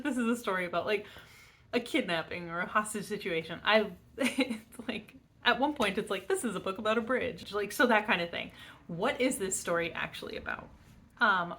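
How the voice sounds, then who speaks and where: A woman's voice: mid-range voice, sharp tone. Bubbly rambling woman book vlogger. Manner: bubbly, rambling with many likes and ums. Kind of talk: casual book review chat.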